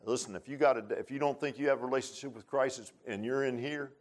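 A middle-aged man preaching a sermon in a folksy, repetitive way, rising to loud, emphatic bursts. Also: mid-range voice, fast talker. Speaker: pastor.

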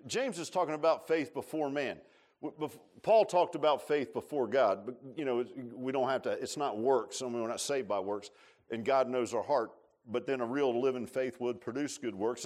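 Man, preacher, high voice, folksy sermon, sarcastic asides. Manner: folksy, sarcastic, lively storytelling.

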